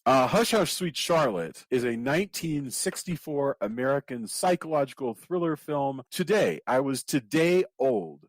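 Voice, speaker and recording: A Texan man hosts a relaxed podcast chat, his pitch rising and falling with real animation. He laughs easily and talks over the others. The sound is close and dry. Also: moderate pace, hardly any pauses, no echo. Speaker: podcast host.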